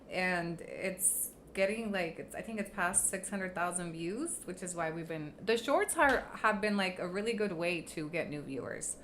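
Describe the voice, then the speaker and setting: A woman's voice: fairly low pitch, lively intonation, a little slow, fairly bright tone, slight background noise. A woman livestreaming in casual chat, blunt and profane, teasing and laughing often, slipping into Spanish phrases.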